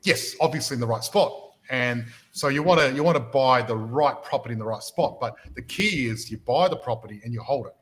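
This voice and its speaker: A man hosts a motivational podcast with a lot of energy. He often stumbles over the first words of a sentence before he gets going. His voice sits at an ordinary middle pitch. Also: a little fast, few pauses, rough recording. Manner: energetic, repeats words when starting sentences, storytelling. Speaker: podcast host and property mentor.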